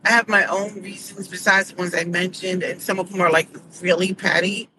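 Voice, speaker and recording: A woman's voice: on the low side, flat delivery, a little fast. Indignant woman podcaster over background noise. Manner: indignant, emphatic storytelling. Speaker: podcast host. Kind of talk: casual commentary monologue.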